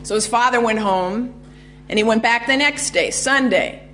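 A woman giving a public history lecture, telling a story in a measured way with frequent ums and uhs. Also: a little high, fairly bright tone, slight background noise.

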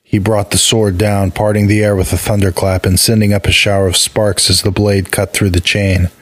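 A man's voice: lowish voice, level tone, moderate pace, no echo. Man narrating a fantasy tale.

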